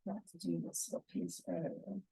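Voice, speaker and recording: Calm woman talking through a painting lesson. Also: on the low side, moderate pace, creaky, breathy edge, dry recording, poor audio. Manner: calm, gentle, talks through each brushstroke. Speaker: painting instructor. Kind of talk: step-by-step painting tutorial.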